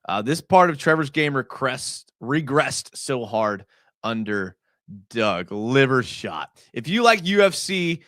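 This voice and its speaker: A young man talks through game film on a live stream, rambling and chatty with lots of "like" and "uh." His pitch swings up and down as he gets worked up. The sound is close and dry, with no room around him. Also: slow, dry recording. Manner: chatty, filler-heavy, excitable. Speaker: podcast host breaking down game film.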